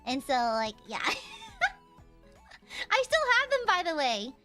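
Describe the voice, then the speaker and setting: High, bright-voiced chatty woman streamer. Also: very animated, measured pace, faint music behind. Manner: chatty and giggly, rambling with fillers. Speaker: livestreamer. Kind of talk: casual chat with viewers.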